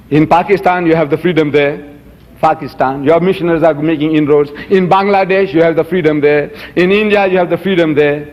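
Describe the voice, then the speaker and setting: Emphatic high-voiced older man lecturing. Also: in a large hall. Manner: emphatic, repeats words. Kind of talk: public lecture.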